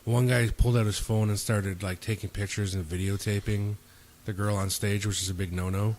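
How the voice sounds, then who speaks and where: A man hosting a podcast, telling stories in a relaxed way, swearing and acting out quotes. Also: on the low side, brisk, a little hiss or hum. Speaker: podcast host. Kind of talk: casual storytelling. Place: indoors, home.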